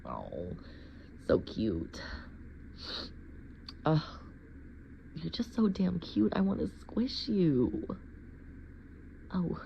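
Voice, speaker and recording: A woman's voice: deep voice, wildly swooping pitch, extremely slow, gravelly, long pauses, a little hiss or hum. A woman acting out a solo scenario, cooing at a pet and stammering flustered denials, in a slightly dull lo-fi recording. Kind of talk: acted solo sneeze scenario.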